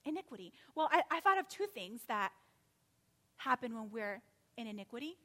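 A woman preaching a sermon, animated and full of rhetorical questions, acting out quotes as she goes. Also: fairly high pitch, moderate pace, long reverb tail.

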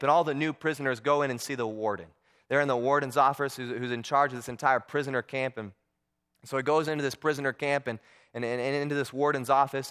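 Smooth-voiced man telling a sermon story. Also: mid-range voice, fairly bright tone. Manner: earnest, repeats words often. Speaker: preacher.

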